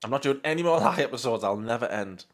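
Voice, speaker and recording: A man's voice: mid-range voice, expressive, quick pace, soft background music. A man hosting a commentary channel, reading out questions and answers and cutting in with sarcastic jabs. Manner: sarcastic, interrupting himself with jabs. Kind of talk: mocking reaction commentary.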